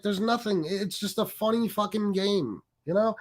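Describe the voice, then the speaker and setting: Male streamer host, lively pitch, profane angry rant, casual. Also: moderate pace, hardly any pauses. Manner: angry, profane and mocking, with many fillers. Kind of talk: ranting live stream commentary.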